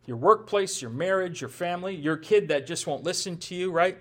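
A man's voice: sits high, brisk, fairly bright tone. A male pastor preaching a sermon in a conversational way, with rhetorical questions and self-deprecating humor.

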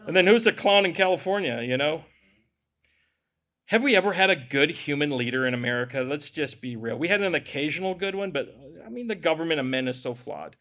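A man's voice: on the high side, animated, fairly quick, a bit bright. A man preaching a sermon as pastor, conversational and joking, with sarcastic asides.

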